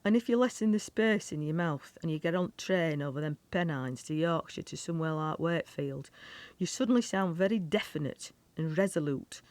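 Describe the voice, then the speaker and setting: A woman's voice: low voice, animated, fairly quick, a little mellow, no room sound. A woman giving scripted narration, lilting and explanatory, in a played clip. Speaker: narrator of a dialect video clip.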